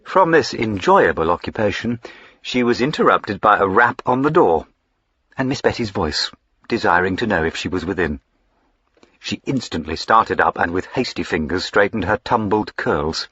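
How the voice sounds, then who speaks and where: A man reading a classic novel aloud as an audiobook narrator, in a measured, expressive storytelling manner. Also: lowish voice, breathy edge, no room sound, dull audio.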